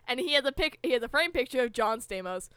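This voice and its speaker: A woman's voice: high-pitched, expressive, fast, bright, forceful tone, clean tone, dry recording. A young woman co-hosting a podcast, chatting casually and bluntly while she recaps a show. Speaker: podcast co-host.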